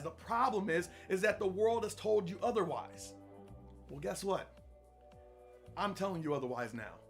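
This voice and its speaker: A man's voice: high voice, lively intonation, moderate pace, fairly bright tone, faint music behind. A man hosting a podcast, giving an earnest, repetitive motivational talk in a preacher-like manner. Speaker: podcast host. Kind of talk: motivational monologue.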